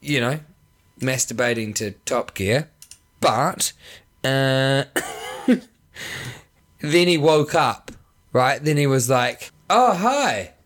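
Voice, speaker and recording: A man's voice: mid-range voice, takes it slowly, pauses often, a bit bright. A man, co-hosting a podcast in casual, laughing chat full of "you know". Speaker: podcast co-host.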